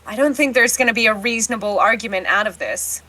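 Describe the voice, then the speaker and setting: A woman's voice: on the high side, fast talker, bright, forceful tone, poor audio. A woman playing a tabletop game, chatting casually with a wry tone. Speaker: player.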